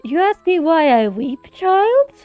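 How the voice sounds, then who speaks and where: A woman voicing a drunk, weeping nun who speaks in a solemn, ominous, drawn-out way in a text game. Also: extremely high pitch, big pitch swings, a little mellow, dry recording, faint music behind, voice pushed up, exaggerated voice.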